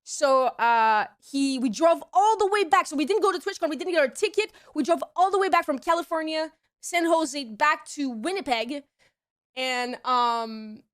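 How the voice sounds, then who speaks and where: A young woman streamer telling a story to her chat in a casual, animated way, swearing often and restarting her sentences. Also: sits high. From Canada.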